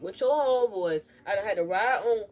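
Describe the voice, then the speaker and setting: A young woman, chatting casually as a vlogger telling a storytime, animated and sassy, swinging between loud outbursts and low mumbles. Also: brisk, faint music behind.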